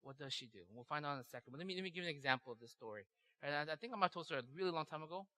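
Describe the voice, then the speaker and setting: Fast, bright-voiced preacher in an echoing hall. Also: male voice, a little high. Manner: animated, conversational, tags lines with "right?". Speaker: pastor. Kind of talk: sermon storytelling. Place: church hall. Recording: long echo of a hall.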